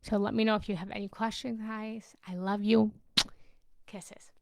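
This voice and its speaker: A woman's voice: mid-range voice, little pitch movement, moderate pace, creaky, very noisy. A young woman coach speaking live to her followers, passionate and emotional, swearing freely and sometimes dropping to a whisper. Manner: drops into whispers for emphasis. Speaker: relationship and self-love coach. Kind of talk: live-streamed personal talk to followers.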